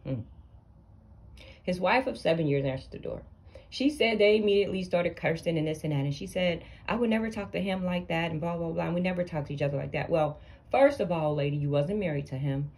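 A woman with a lowish voice and tells a story to camera. She is blunt and sassy, and she lectures the people in the story as if they were in front of her. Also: a little fast. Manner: animated, blunt, sassy, addresses people directly. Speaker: storytime vlogger. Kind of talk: casual storytime commentary.

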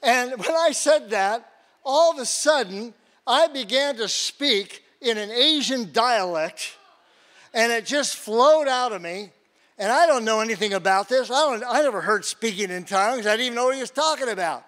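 A man's voice: extremely high pitch, animated, moderate pace, a bit bright. An older man preaching, telling a personal story with acted-out quotes and laughs. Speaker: guest preacher. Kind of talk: sermon with personal testimony.

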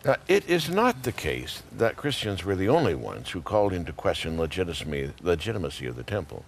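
A man's voice: low-pitched, a little fast, vocal fry, a little hiss or hum. A man explaining scripture on a Bible study panel, acting out quotes as he talks. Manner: lively explaining, acts out quotes.

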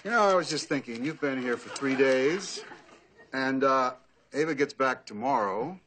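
A man's voice: mid-range voice, lively intonation, moderate pace, fairly bright tone, close to an everyday voice. An actor playing a dry, exasperated small-town football coach and father in a sitcom. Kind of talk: sitcom acting. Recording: noisy old TV audio.

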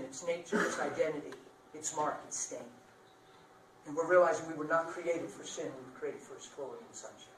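A man preaching in a church hall, his voice carrying a touch high for a man. He swings from loud bursts to hushed lines and laughs at himself now and then. He is picked up from a distance in a roomy space, with faint ambience behind him. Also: slight background noise. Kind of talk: sermon.

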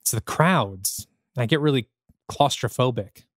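A man's voice: medium pitch, expressive, a little slow, no echo, studio quality, lightly acted. A man voicing a jumpy ex-soldier adventurer who talks in a nervous, earnest, self-deprecating way, while reading a screenplay aloud.

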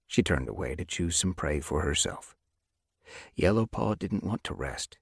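A man narrating a children's animal novel as an audiobook, with expressive storytelling. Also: low-pitched, a little slow, creaky, breathy edge, no room sound, studio quality. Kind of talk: scripted narration.

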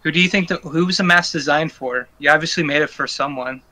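A man's voice: on the high side, fairly quick, sharp tone, low-quality recording. A young man playing a tabletop game, teasing and joking with the table. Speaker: player.

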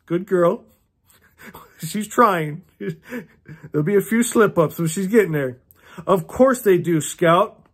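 Man, 50s, high voice, impassioned, preachy, chuckles a lot, book read-along. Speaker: YouTuber reading a novel aloud with commentary. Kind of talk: earnest read-along commentary.

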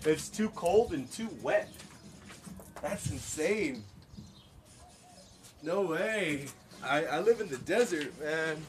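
A man from the States talks slowly and easily as he works outdoors, his pitch sitting a little high and swinging widely. He jokes with his livestream viewers, laughing often while he crafts. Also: lively intonation, slight background noise. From United States. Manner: chatty, jokey, laughs often, chats with viewers. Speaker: livestreamer making stone-look art.

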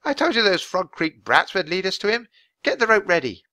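A man's voice: high-pitched, very animated, fairly quick, sharp tone, dry recording, voice pushed up, exaggerated voice. A man voicing a sly, scheming young girl villain who bosses her partner and coaxes a creature. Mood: scornful. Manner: coaxing, bossy.

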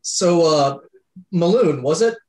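A man playing a smooth-talking male adventurer in a tabletop game, breezy and offhand. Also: on the high side, lively intonation, slow, a little mellow, pitched above the performer's own voice, low-quality recording.

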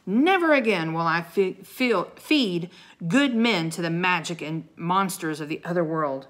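Angry proud king voiced by a woman, stern, shouting. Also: mid-range voice, expressive, unhurried, voice pushed up.

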